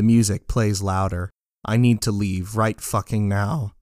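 A man with a low voice narrates a dark story in a flat, deadpan way. The recording is close and dry, with no room sound. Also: measured pace, no room sound. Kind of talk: scripted first-person narration of dark fiction.

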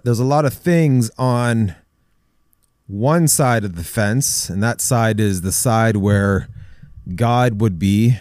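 Man, host, Christian men's talk, earnest and chatty, lowish voice. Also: darkish tone, clear, resonant tone, no echo, studio quality.

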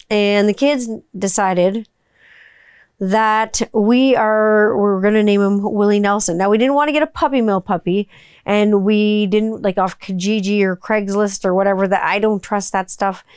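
Woman in her 30s rambling casually, lots of "like", smooth voice, dry close sound. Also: medium pitch, fairly even intonation, a little slow, darkish tone, no echo. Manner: chatty, rambling, peppered with "like" and swearing. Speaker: vlogger. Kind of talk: casual chat.

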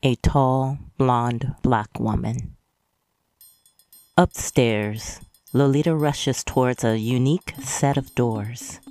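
Very low-voiced woman narrating a story. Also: fairly even intonation, slow pace, darkish tone, no echo. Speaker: audiobook narrator.

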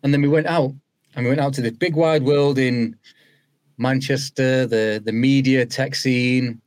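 A man's voice: mid-range voice, measured pace. A man with a British accent, a guest on a podcast, telling his story in a chatty way and acting out what people said. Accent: British English. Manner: animated, acts out quoted dialogue. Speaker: podcast guest, former footballer. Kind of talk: conversational storytelling.

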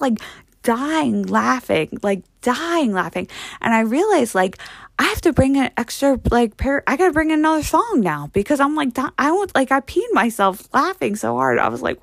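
A woman's voice: on the high side, expressive, normal speed, no echo, studio quality. A woman telling a story in a casual, rambling way, full of fillers and swearing.

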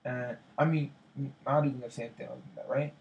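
A man chatting casually and retelling a quarrel in loose, slangy speech full of profanity. He circles back over his points and repeats phrases as he builds the story. His voice sits at an ordinary middle pitch. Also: fairly even intonation, very fast, creaky, dull audio, a little hiss or hum. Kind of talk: casual chat.

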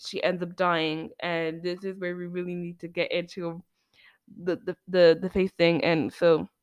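A woman co-hosting a casual movie-review podcast, retelling scenes in an animated way with excited outbursts. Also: lowish voice, a little slow, clear, resonant tone. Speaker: podcast co-host.

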